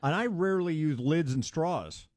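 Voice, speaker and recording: Teasing co-host guy, kinda high, bouncy voice, dry sound. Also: animated, normal speed, a little mellow, no echo. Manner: wry, teasing, short reactions. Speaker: podcast co-host. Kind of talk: casual chat.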